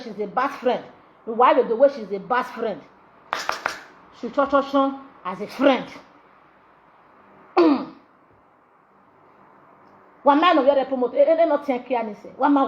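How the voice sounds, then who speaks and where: A woman with a Nigerian accent rants to camera in Nigerian Pidgin, her high-pitched voice scolding and mocking through looping, sing-song repetitions. The audio is dull and lo-fi, like a cheap phone recording.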